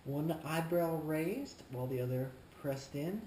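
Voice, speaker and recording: Comedic smug shoe clerk, played by a man, drawling slowly and talking down to everyone. Recorded with room echo. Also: fairly high pitch, lively intonation, warm tone, a little hiss or hum. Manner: slow, deliberate, condescending, smug. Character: smug, self-important male shoe store clerk. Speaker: shoe store employee character. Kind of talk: comedic vlog monologue. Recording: roomy echo, faint ambience.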